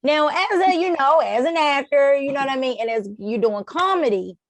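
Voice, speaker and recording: A woman's voice: high-pitched, expressive, normal speed. A woman co-hosting a casual film review, talking in laid-back slang, laughing and swearing. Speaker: co-host.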